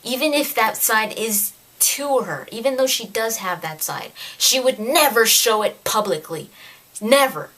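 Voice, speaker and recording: A woman giving a casual spoken book review, ranting in an exasperated, animated way. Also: a little high, unhurried.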